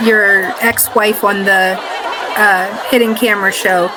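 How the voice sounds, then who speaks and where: A woman's voice: mid-range voice, steady tone, slow. A woman interviewer asking short casual questions. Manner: brief prompts and questions. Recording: noisy background.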